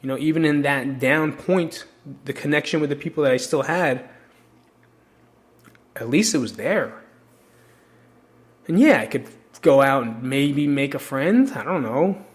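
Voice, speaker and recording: A man's voice: a little high, animated, a little slow, long pauses. A man from New Jersey hosting his own podcast, talking openly and emotionally to listeners with plenty of swearing in a casual solo monologue. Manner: candid, emotional and profane, talks straight to listeners. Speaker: podcast host.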